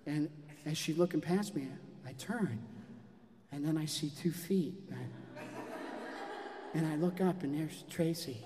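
A man doing stand-up storytelling, animated and acting out his own shouts. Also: sits high, in a large hall. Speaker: comedian telling a story.

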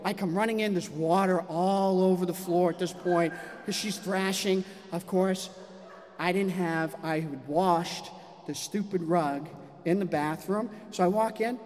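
A man doing stand-up storytelling, animated and acting out his own shouts. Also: high voice, big-room sound. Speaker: comedian telling a story.

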